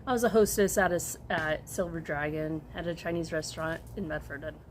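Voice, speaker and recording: A woman's voice: deep voice, fairly even intonation, fairly quick, few pauses, noisy background. A woman chatting casually as she answers a list of questions, rambling, chuckling and trailing off as she goes. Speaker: crochet vlogger answering a tag questionnaire. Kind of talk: casual chat.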